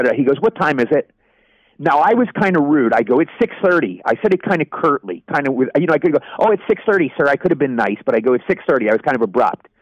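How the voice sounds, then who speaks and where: A man in his sixties telling animated anecdotes as an actor in a casual interview, acting out the people he quotes. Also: a little high, dry recording. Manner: animated anecdote teller, acts out quoted voices. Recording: dry, dull lo-fi audio.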